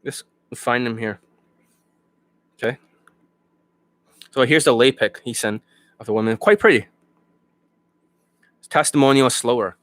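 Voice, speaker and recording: A male dating coach in full rant, blunt and cutting, swearing freely. His voice sits at an ordinary pitch. The sound is dry and close. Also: unhurried, pauses often, a bit bright, no room sound. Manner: profane, blunt, mocking.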